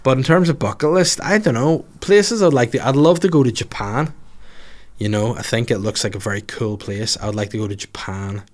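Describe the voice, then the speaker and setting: A comedian with a mid-range voice speaks briskly on his solo podcast, answering listener questions casually. He rambles and swears through jokey asides.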